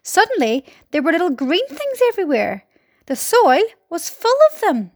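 A woman's voice: very high voice, very animated, moderate pace, dry recording, studio quality, pitched above the performer's own voice. A woman voicing an eager, chatty female spider in a storybook reading.

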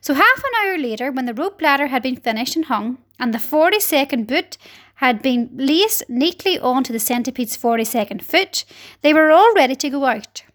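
Animated high-voiced woman reading a story. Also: moderate pace. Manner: animated, dramatic. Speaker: narrator.

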